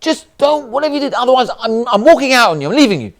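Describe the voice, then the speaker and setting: A man doing an outraged wife, her voice jumping high and shrill as she scolds her husband. The voice swings widely in pitch and is loud and indignant throughout. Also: very animated, rapid-fire, heavily acted. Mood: furious.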